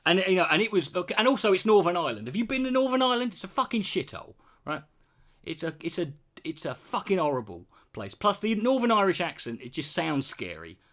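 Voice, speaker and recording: A man's voice: sits high, sing-song, brisk, fairly bright tone. A British man in his forties, ranting bluntly and sarcastically with heavy swearing while answering his chat. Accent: British English. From Britain.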